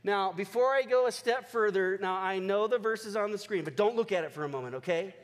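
A man with a very high voice gives an animated sermon to his church. He slows down to stress key lines, then rushes through playful asides. The sound rings out with the long reverb of a large hall. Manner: animated, swings from slow emphatic lines to quick joking asides. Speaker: pastor. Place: church sanctuary.

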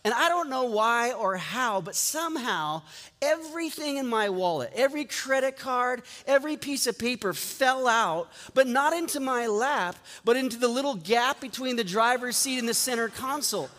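High-voiced male pastor, echoing hall. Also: expressive, moderate pace, bright, forceful tone. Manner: conversational storytelling, acting out dialogue. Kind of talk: sermon. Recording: long reverb from a large hall.

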